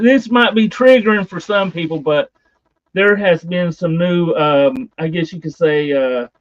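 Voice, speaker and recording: A man's voice: on the high side, no room sound, dull audio. A man hosting a livestream in casual chat, talking in a hesitant, rambling way full of fillers. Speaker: livestream host.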